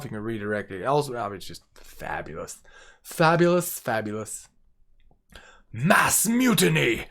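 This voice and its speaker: A man's voice: medium pitch, a bit bright. A man casually walking through a card game deck, playful and gleeful, often repeating words for effect.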